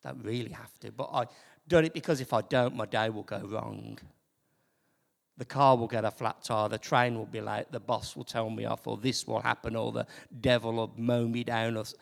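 A man in his fifties with a Birmingham accent preaching a sermon, swinging from loud emphasis down to soft near-whispers. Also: mid-range voice, normal speed, gravelly. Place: church hall. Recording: reverberant hall.

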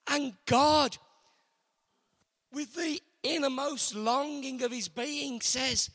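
A man preaching a sermon earnestly, moving between loud emphasis and hushed, intimate passages. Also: very high voice, fairly even intonation, takes it slowly. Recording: long hall reverb.

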